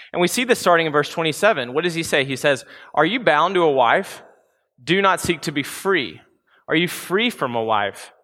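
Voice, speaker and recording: Young male preacher, chatty and informal, bright forceful tone, reverberant hall. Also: mid-range voice. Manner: casual, conversational preaching with slang and fillers. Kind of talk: sermon.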